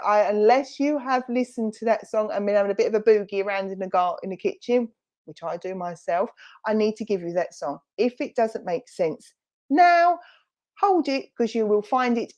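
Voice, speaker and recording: A woman with a Romford accent works as a spiritualist medium during an online church service, heard over a video call. She talks in a chatty, reassuring way, full of fillers and quick self-corrections. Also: medium pitch, darkish tone. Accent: Romford, Essex.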